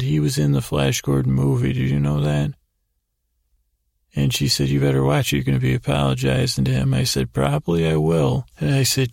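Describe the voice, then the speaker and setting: A man with a deeply gravelly, fry-laden voice wanders through an improvised bedtime story, circling back and repeating "I said" as he trails off. His delivery is low-key and drowsy, and the sound is close and dry, with no room around it. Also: darkish tone, no echo. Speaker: podcast host. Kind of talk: rambling improvised sleep story.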